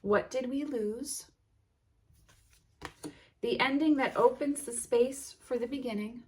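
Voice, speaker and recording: A woman hosting a tarot unboxing, reading card titles aloud in a gentle, admiring way with soft exclamations. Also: high voice, slow pace, slight background noise. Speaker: tarot reader and channel host.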